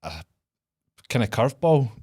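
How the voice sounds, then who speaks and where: A man's voice: mid-range voice, sing-song, moderate pace, warm tone, breathy edge, no echo, clean studio sound. A man co-hosting a casual podcast, laughing often as he lays out long fan theories. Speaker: podcast co-host. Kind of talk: casual chat.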